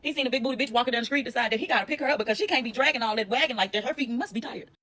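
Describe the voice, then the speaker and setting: A woman telling a personal story in a blunt, profane, animated way, addressing her viewers directly. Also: on the high side, racing. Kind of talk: casual storytime monologue.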